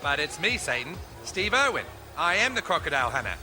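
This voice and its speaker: Actor as a pushy party guest in a sketch, quick and animated, high pitch. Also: male voice, music in the background. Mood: insistent. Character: pushy male party guest claiming to be famous. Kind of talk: comedy sketch.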